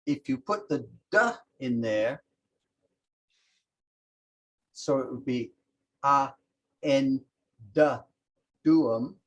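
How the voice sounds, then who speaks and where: A man's voice: medium pitch, breathy edge, lo-fi sound. A man teaching a language class, patiently explaining grammar and demonstrating example phrases aloud.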